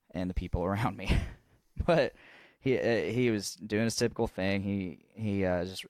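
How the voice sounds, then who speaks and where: A man's voice: low voice, no room sound. A young man co-hosting a podcast, telling a long story in casual chat, rambling and swearing freely with lots of restarts. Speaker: podcast co-host.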